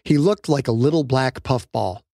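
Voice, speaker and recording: A man narrating his own novel as an audiobook, reading in a dramatic, lively way. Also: medium pitch, normal speed, creaky, no echo, clean studio sound. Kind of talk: scripted narration.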